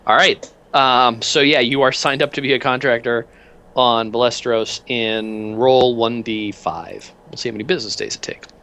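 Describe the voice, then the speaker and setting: A man narrating as game master in a tabletop game, animated and rambling with many fillers. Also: medium pitch, normal speed.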